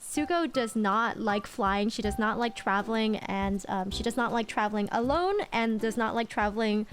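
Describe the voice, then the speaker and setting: High-voiced young woman telling a story. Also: normal speed. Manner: animated, rambling, repeats phrases. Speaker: streamer. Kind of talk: storytelling to viewers.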